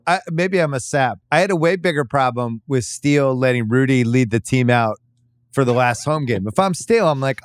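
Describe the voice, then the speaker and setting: A man's voice: medium pitch, expressive, moderate pace, clean tone, no echo. A man hosting a podcast, walking eagerly through film scenes in casual chat. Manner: enthusiastic, recaps scenes with quoted lines. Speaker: podcast host.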